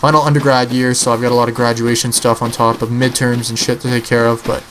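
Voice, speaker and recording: A man's voice: mid-range voice, level tone, quick pace, fairly bright tone, slight background noise, low-quality recording. Young man in rambling game commentary. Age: early 20s. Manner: rambling, profane, offhand. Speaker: gaming channel host. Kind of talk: casual gameplay commentary.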